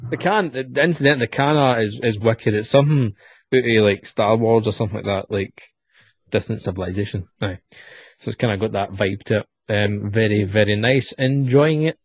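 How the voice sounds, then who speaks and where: A man's voice: lowish voice, moderate pace, slightly rough. A Scottish man hosting a podcast, casually tasting a beer with rambling, jokey talk. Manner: rambling, jokey, with lots of fillers. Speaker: podcast host.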